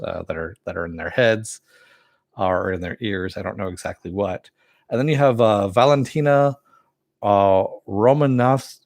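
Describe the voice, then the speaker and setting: Low-voiced guy rambling through a show review, lots of uhs, dry close sound. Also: no echo. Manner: rambling, many fillers and self-corrections; reads and answers live chat. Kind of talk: casual spoken review.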